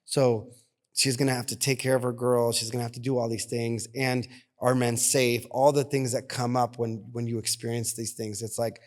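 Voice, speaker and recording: A man's voice: mid-range voice, little pitch movement, normal speed. Earnest man telling a story. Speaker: podcast co-host. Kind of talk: casual podcast conversation.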